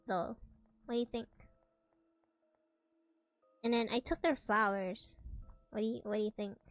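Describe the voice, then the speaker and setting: A woman's voice: fairly high pitch, sing-song, slow pace, long pauses, a bit bright, dry recording, rough recording. A young woman streamer reading a storybook aloud, playful and giggly, correcting herself as she goes.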